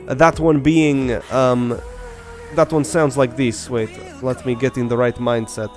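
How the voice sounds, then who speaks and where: Male game streamer, mid-pitched, rapid chatty delivery, soft music bed underneath. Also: steady tone. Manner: fast-talking, chatty, self-deprecating. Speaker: live streamer. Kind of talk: casual live-stream chat. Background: faint background beats.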